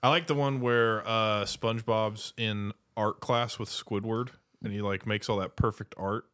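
A man co-hosting a casual podcast chat, animated and quick to break into silly voices. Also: lowish voice, clean tone, dry recording, clean studio sound. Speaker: podcast co-host.

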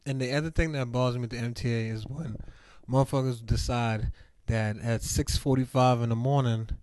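A man's voice: medium pitch, steady tone, fairly quick, a little mellow, no echo. A young man chiming in casually on a podcast, laughing often. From New York. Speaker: podcast co-host. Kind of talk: casual chat.

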